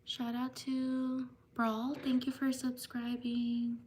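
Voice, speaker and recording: A woman hosting a live stream, slowly reading out viewers' names with thanks, at times slipping into a soft whisper. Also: on the high side, completely flat delivery, a little hiss or hum. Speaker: livestream host. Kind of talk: live stream shout-outs.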